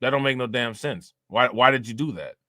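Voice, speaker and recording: A young man talks loosely to his stream. He keeps circling back with fillers and restarts. His voice is bright and forward and sits close and dry on the mic. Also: medium pitch, a little fast, no echo. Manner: loose and conversational, fillers and repeats. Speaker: livestream commentator. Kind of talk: casual live commentary reading chat.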